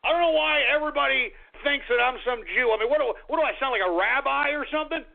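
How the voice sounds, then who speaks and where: High-voiced ranting radio host, man. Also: fast, creaky, few pauses. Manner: profane, ranting, sarcastic. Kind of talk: call-in talk radio. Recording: tinny phone-like lo-fi audio.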